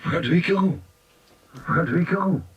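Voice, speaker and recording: Scottish man doing a lost Highlander in space, husky, wondering, rock opera ad-lib. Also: expressive, measured pace, muffled recording, full character voice. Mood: bewildered. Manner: searching, wondering ad-lib speech.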